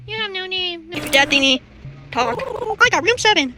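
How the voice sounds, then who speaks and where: A young woman commenting as she plays a video game, excitable and panicky and full of nervous filler sounds. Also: very high-pitched, normal speed. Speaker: gamer playing a video game. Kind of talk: gameplay commentary. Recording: game music playing clearly behind.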